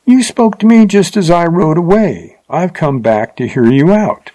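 Man doing a calm Texan cowboy, gentle, mocking, steady, dry room. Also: medium pitch, slow pace, no echo. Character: calm brave young Texan horseman.

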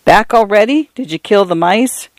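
A man voicing a proud elderly pioneer grandfather, gentle and wistful, in an audiobook. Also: sits high, expressive, no room sound, voice pushed up. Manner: gentle, slow.

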